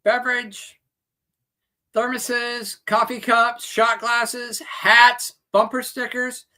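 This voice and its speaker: A male host delivers a profane, loud rant that turns into a blunt sales pitch. He talks slowly and leans on each point, and his voice is bright and forceful. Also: flat delivery. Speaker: show host.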